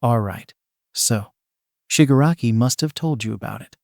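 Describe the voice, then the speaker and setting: A man's voice: mid-range voice, normal speed, creaky, darkish tone, no room sound, studio quality, natural voice. A man reading the lines of a flustered young girl who stammers and pleads in panic. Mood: nervous.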